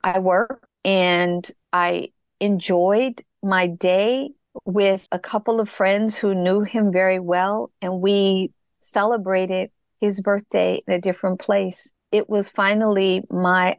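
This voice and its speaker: A woman's voice: medium pitch, fairly even intonation, creaky, no echo, clean studio sound. A middle-aged woman telling her personal story as an interview guest, reflective and earnest. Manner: reflective, earnest, slow in places.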